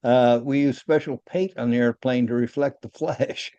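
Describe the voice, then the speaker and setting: An older man recounting his engineering days in a halting, repetitive way, with little chuckles along the way. The sound is a bit dull and very dry, as if recorded close up. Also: medium pitch, steady tone, dark tone, no echo. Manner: halting, repeats words, chuckles at own stories. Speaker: retired aircraft engineer guest. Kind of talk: casual interview talk.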